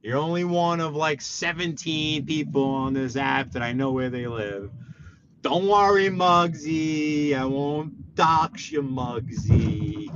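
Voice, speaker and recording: A man chatting with his live viewers while driving, joking and teasing in an animated way. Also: fairly high pitch, measured pace. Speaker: live-streaming driver. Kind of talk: casual live-stream commentary while driving. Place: inside a moving car. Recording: dull lo-fi car audio with faint road noise.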